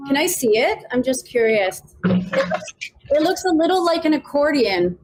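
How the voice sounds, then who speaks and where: A woman's voice: high voice, sing-song, moderate pace, darkish tone, poor audio. A woman hosting an interview podcast, enthusiastic and affirming as she talks with her guest over a video call. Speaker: podcast host. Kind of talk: interview conversation.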